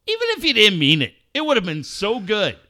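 A man hosting a radio show, telling a story in loud, mocking, profanity-laced banter. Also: high voice, brisk. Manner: loud, mocking, animated storyteller who swears a lot.

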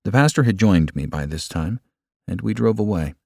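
A man narrating a religious book in a measured, earnest reading. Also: on the low side, animated, vocal fry, a little mellow, no room sound, studio quality. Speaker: audiobook narrator.

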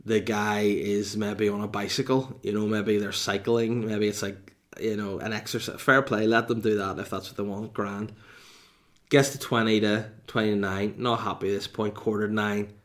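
A man's voice: lowish voice, a bit bright. A man telling a casual, profane, exasperated comic story as a vlogger. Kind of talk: casual ranting anecdote.

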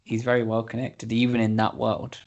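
A man in a casual podcast chat, slangy and quick to react. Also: mid-range voice, monotone, darkish tone, highs cut off.

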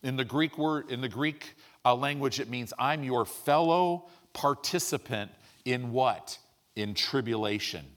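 A man's voice: medium pitch, measured pace, a bit bright. A man pastor preaching a sermon, asking his congregation questions and building to emphatic peaks.

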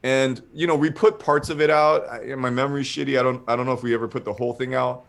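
A man's voice: mid-range voice, fairly even intonation, quick pace, creaky, fairly bright tone. A man spins a casual, meandering anecdote in an ordinary mid-range voice. He piles up filler words and restarts as he talks. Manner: rambling, heavy on fillers like "like". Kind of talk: casual storytelling.

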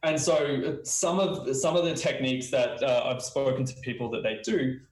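A man from Queensland with an Australian accent, talking fast with many fillers and restarts as he teaches interviewing technique. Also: medium pitch, a little mellow, echoey room, distant mic, rough recording. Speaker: user research instructor. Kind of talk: spoken lesson on interviewing.

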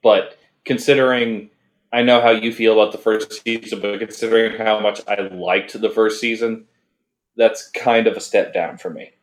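A man's voice: fairly low pitch, steady tone, moderate pace, roomy sound. A man co-hosting a casual anime review podcast, talking in a rambling, hesitant way with many fillers and restarts. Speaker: podcast co-host.

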